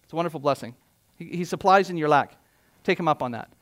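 High-voiced man preaching a sermon. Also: quick pace, a bit bright. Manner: conversational, emphatic preaching with rhetorical questions. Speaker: pastor. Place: church.

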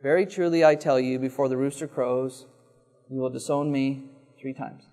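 A man preaching a sermon, reading scripture and then expounding it slowly and deliberately, repeating key phrases. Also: medium pitch, fairly even intonation, warm tone. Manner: slow, deliberate preaching with dramatic pauses and repetition.

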